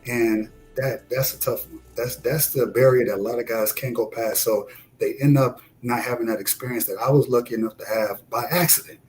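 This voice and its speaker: A man's voice: fairly quick, soft background music, poor audio. A man from Detroit, animatedly telling a story in casual chat. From Detroit, USA. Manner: animated, acts out quotes with rising pitch. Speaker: discussion guest.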